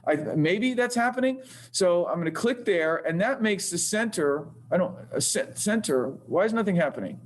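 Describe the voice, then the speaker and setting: A man teaching engineering design software, thinking aloud as he demonstrates, often hesitating and correcting himself. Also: high voice, expressive, normal speed. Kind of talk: screen-recorded software tutorial. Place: classroom with projector. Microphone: computer mic while demonstrating.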